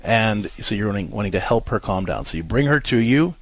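A man's voice: fairly low pitch, expressive, brisk, breathy edge, no echo. A man co-hosting a parenting show, explaining in an earnest, fumbling way with many restarts. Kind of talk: advice talk.

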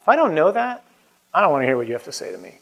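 Male priest, slightly higher voice, informal and emphatic preacher. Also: wildly swooping pitch, very fast, creaky, fairly bright tone. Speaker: Catholic priest. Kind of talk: conversational preaching and prayer.

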